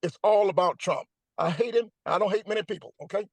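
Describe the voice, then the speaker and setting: An older man talks on a video call, joking and emphatic, with a preacher-like rhythm. His voice sits high for a man, and the sound is close and dry. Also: brisk, vocal fry, dry recording, poor audio. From Atlanta, United States. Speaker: comedian guest. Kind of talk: animated comedic chat.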